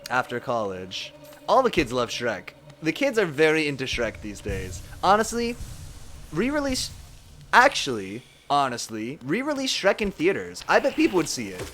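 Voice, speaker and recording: Lively, joking young man streaming. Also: medium pitch, moderate pace, a little hiss or hum. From Southern California. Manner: joking, chatty, laughs often. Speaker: game streamer. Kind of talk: casual live-stream chat while gaming.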